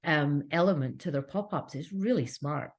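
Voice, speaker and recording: A woman's voice: sits low, moderate pace. A Scottish woman talking earnestly as a podcast guest about running her business, with frequent restarts. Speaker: cake kit business owner, podcast guest. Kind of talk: casual interview chat.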